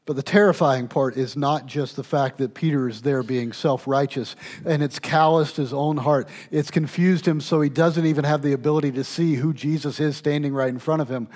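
A man's voice: on the high side, steady tone, moderate pace. Emphatic male preacher. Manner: emphatic, swings from loud to hushed. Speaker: pastor. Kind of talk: sermon.

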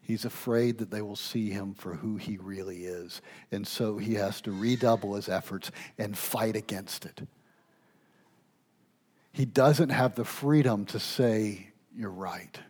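Man, pastor, sermon, emphatic, loud then hushed. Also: lowish voice, unhurried, breathy edge.

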